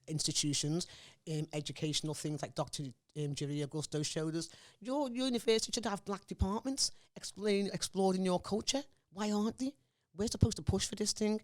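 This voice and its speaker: Scouse woman in her forties, interview guest, rapid and emphatic, keeps checking the listener follows. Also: fairly low pitch, darkish tone. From Liverpool, England. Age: 40s. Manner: emphatic, forthright, often asks "you understand me?". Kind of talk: impassioned interview talk.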